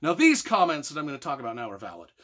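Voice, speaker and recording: Man, middle-aged, ranting book review, exasperated, profane, lively pitch, bright tone. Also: very fast.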